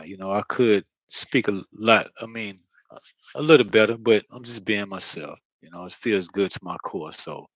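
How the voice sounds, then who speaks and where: Low-voiced man rambling with heavy sighs. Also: a bit bright, no echo, poor audio. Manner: halting, with many fillers and heavy sighs; earnest and blunt, with casual swearing. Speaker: spiritual vlogger. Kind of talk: rambling spiritual monologue.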